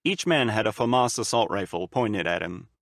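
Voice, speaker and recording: A man reading a fan-made audiobook in a steady, even storytelling manner. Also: on the low side, normal speed, gravelly, dry recording, clean studio sound. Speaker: audiobook narrator.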